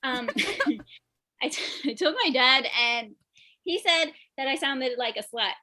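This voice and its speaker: A young woman performs a stand-up set over a video call, her voice high and bright. She keeps breaking into giggles at her own punchlines. The sound comes through a home computer mic. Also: expressive, slow. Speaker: stand-up comedian.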